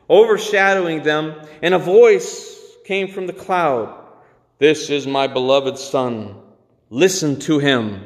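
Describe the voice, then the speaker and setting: Earnest preacher in a reverberant hall. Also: male voice, on the high side. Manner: earnest, repeats words, brief chuckles. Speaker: pastor. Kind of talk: sermon.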